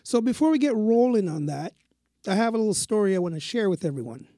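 A man co-hosting a casual spiritual talk show, telling stories in a slow, reflective way. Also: high voice, big pitch swings, warm tone, dry recording, studio quality. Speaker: co-host.

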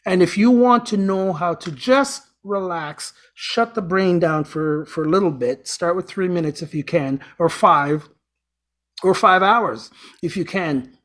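Rambling chatty show host. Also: mid-range voice. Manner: rambling, chatty, self-correcting, jokey. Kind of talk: casual spiritual talk.

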